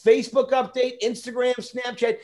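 A man hosting a podcast, telling a story in an animated, rambling way and swearing freely. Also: very high-pitched, normal speed. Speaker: podcast host. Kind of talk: casual storytelling.

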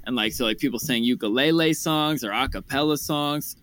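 A young man talks through his week at a festival as a podcast host. His delivery is loose and conversational, full of "like." His voice sits at an ordinary middle pitch. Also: a little fast. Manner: animated joke-telling, says "like" often. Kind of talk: casual storytelling chat.

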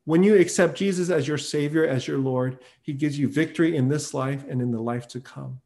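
A man's voice: on the high side, fairly quick, vocal fry, a little mellow. A man, a pastor, giving an earnest sermon that rises to emphatic peaks and tells stories with acted-out quotes.

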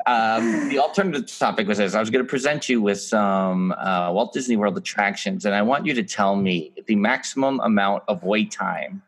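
Podcast co-host: a man, a bit low-pitched, playful and full of laughs. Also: moderate pace, hardly any pauses. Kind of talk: casual chat.

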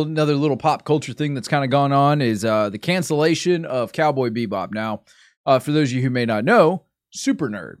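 A man chatting casually on a stream in a middle-pitched voice. He rambles, breaks off mid-sentence and wanders onto side topics. The sound is dry and close, with no room echo. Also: expressive, a little fast. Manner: rambling, sidetracked, self-interrupting. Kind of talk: casual chat.

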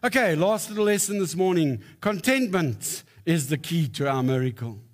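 A man's voice: on the high side, animated, normal speed. A man preaching a sermon, telling stories with emphatic rises. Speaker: pastor.

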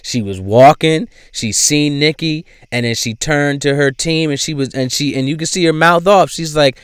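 A man giving casual commentary in a profane, animated way, swinging between loud outbursts and low asides. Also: normal speed, hardly any pauses, smooth, no echo, studio quality. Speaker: vlogger.

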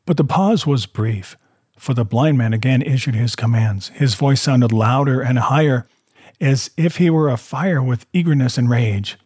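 A man reading a classic adventure novel aloud, telling it in a measured way and voicing the characters. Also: mid-range voice, darkish tone, husky, dry recording, studio quality. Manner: measured storytelling with voiced characters. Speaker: reader.

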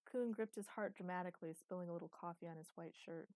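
A woman narrating a science-fiction story in a steady storytelling manner. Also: on the low side, fast, no room sound. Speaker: audiobook narrator. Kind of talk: scripted narration.

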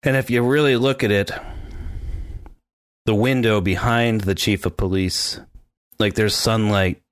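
A man co-hosting a podcast in casual chat, animated and mimicking sounds as he describes scenes. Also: fairly low pitch, a little slow, no room sound, clean studio sound. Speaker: podcast co-host.

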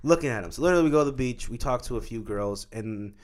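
A man in a relaxed conversation, spinning a long comic anecdote. He swears freely and peppers his talk with "like" and "right?". His voice sits at an ordinary male pitch. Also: fast talker. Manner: loose and profane, many likes and rights. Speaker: filmmaker guest. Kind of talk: casual comic storytelling.

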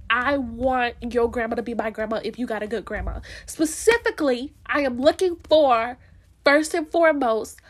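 A young woman from Florida talking straight to camera in a casual, heartfelt monologue, earnest and emphatic, repeating her points and laughing easily. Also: high-pitched. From Florida, USA. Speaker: vlogger.

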